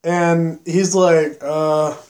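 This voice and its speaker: A young man hosting a casual podcast chat, animated and swearing freely as he tells stories. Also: on the high side, slow pace. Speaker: podcast host and film director.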